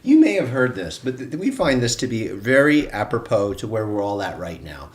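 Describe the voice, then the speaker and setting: A man co-hosting an online wellness class, telling a story in an earnest, animated way. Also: medium pitch, moderate pace, echoey room, far from the mic. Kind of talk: live-stream storytelling.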